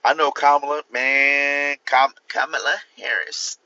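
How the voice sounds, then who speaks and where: A man's voice: a little high, steady tone, unhurried, pushed and bright, no echo, dull audio. A man hosting a livestream, giving blunt, opinionated views and talking straight to his viewers. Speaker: livestream host. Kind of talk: casual livestream talk.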